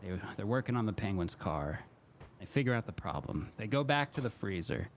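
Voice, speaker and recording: A male stream host telling a joke in a loose, rambling way, full of restarts. His voice sits on the low side, and a faint hum runs in the background. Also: sing-song, a little fast.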